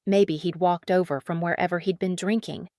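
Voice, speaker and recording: A woman reads a dramatic story in an even, matter-of-fact narration. Her voice sits low, and the sound is dry and close to the mic. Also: normal speed, no room sound.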